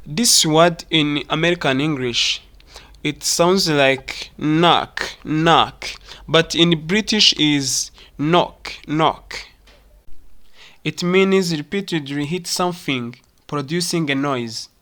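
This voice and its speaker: A teacher from Rwanda giving a pronunciation lesson, repeating words slowly to demonstrate them. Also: mid-range voice, a bit bright. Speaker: English teacher.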